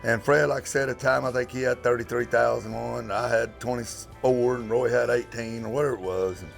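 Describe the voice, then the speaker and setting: A man recalls the road in a rambling, folksy way. His voice is gravelly with plenty of fry and sits at an ordinary pitch. Soft music plays faintly behind him. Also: fairly even intonation, brisk. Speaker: interviewee, fellow roper. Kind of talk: storytelling in a casual interview.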